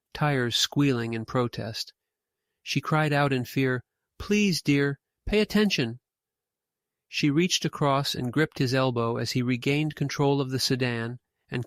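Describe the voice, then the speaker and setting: A male narrator reading a ghost story in a steady, measured way. His voice sits in a middle pitch and sounds close and dry, with no room around it. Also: no echo.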